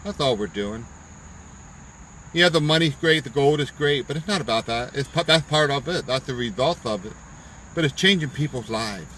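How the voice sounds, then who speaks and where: This live-streaming business promoter sits in his parked car at an outdoor park, his mid-range voice animated and slightly bright at a normal speed. He preaches a fervent pep talk and hammers points home by repeating them. The low-quality recording has slight background noise.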